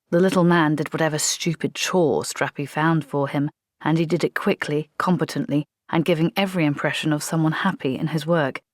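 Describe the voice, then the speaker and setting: A woman narrating a comic fantasy audiobook in a dry, measured storytelling manner. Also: sits low, dry recording.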